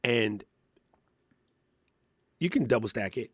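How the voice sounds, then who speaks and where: A man's voice: mid-range voice, animated, slow pace, breathy edge, no echo. A middle-aged man co-hosting a podcast, chatting casually and laughing as he explains things step by step. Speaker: podcast co-host. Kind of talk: casual tech and creator chat.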